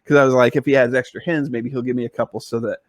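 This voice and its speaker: A man's voice: mid-range voice, steady tone, rapid-fire, no echo, clean studio sound. Rambling man telling a story. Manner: rambling, with many fillers and restarts. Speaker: podcast co-host. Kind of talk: casual storytelling chat.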